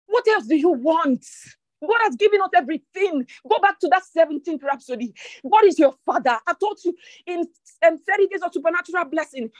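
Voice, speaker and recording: A woman preacher delivering an impassioned sermon, repeating lines for emphasis and dropping into low, slow prayer. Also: no echo. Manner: speaks in tongues during prayer.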